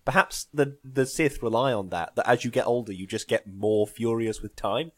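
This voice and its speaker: A man's voice: mid-range voice, fairly bright tone, no room sound. A man chatting casually, rambling and joking at his own expense. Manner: rambling, self-deprecating, quick to joke. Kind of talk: casual group chat.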